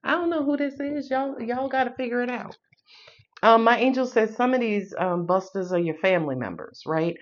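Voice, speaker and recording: A woman's voice: fairly high pitch, lively intonation, moderate pace, dull audio. A woman with a New York accent giving a casual tarot reading in a sassy, playful way, swearing and laughing as she goes. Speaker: tarot reader.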